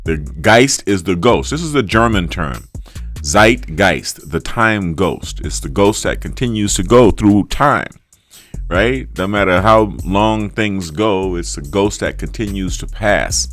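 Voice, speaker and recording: Lecturing New Orleans man, lowish voice. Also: very animated, slow. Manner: repetitive, lecturing, keeps checking in with "right?" and "okay?". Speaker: livestream host. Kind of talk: casual livestream monologue. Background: faint funky music beat.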